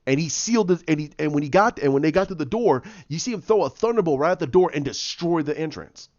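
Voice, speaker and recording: On a dry, muffled lo-fi track with no echo, a man with a high-side voice talks fast as he recaps a comic. He's lively, acting out what the characters say and restarting often.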